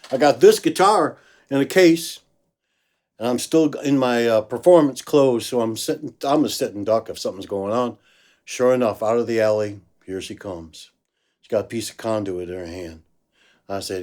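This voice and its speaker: Low-voiced man telling a story. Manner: animated storyteller, acts out quoted voices. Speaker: blues musician telling a story. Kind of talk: casual storytelling.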